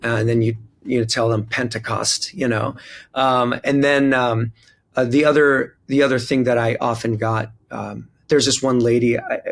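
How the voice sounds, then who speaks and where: A man from Jerusalem who serves as a pastor speaks as an interview guest, recalling his own experiences. His voice has a gravelly edge and sits at a middle pitch. He talks earnestly and pauses often, slipping in wry asides. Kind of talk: reflective conversational storytelling.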